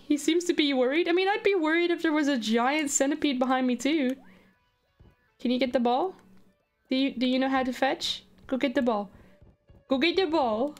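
A woman streaming a video game live, gushing and excitable as she chats with her viewers. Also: high voice. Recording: faint background music.

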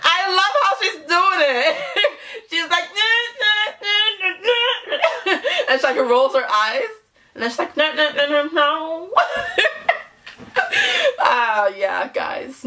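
Woman, reaction vlog host, bubbly, giggly, gushing, fairly high voice, very lively pitch. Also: a little slow, creaky. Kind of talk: casual reaction vlog chat.

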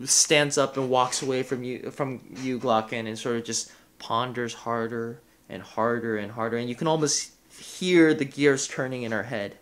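A man's voice: mid-range voice, fairly even intonation, normal speed. A man running a tabletop game as game master, narrating hesitantly with lots of "sort of" and "uh".

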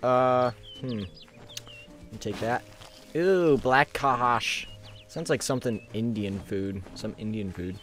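A man's voice: medium pitch, slow pace, a bit bright, soft background music. A man recording let's play commentary, goofy and laughing, mock-outraged at the game. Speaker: gaming channel host.

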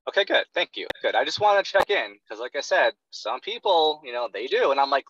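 A man's voice: mid-range voice, very animated, brisk, few pauses, a bit bright, no echo, lo-fi sound. Blunt, profane male sales coach. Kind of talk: blunt coaching role-play session.

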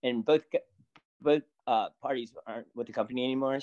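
A man, a salon stylist, telling a story as a guest in casual chat, animated and laughing often. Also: medium pitch, fairly quick, highs cut off.

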